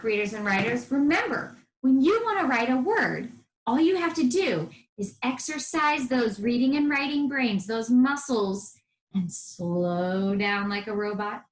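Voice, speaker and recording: A woman's voice: fairly high pitch, expressive, measured pace. A woman teaching first grade to young children on a televised lesson, encouraging and sounding out letters in a sing-song way. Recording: roomy echo.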